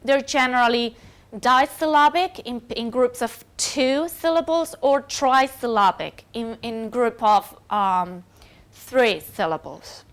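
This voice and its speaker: A woman's voice: on the high side, takes it slowly. A woman whose first language is Spanish, giving a recorded university lecture with many fillers and self-corrections.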